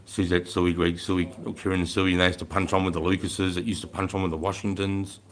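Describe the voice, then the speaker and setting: A man's voice: low voice, little pitch movement, brisk. An Australian man in his forties, chatting casually and bluntly with viewers on a livestream, swearing freely and calling people mate and bro. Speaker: livestream host.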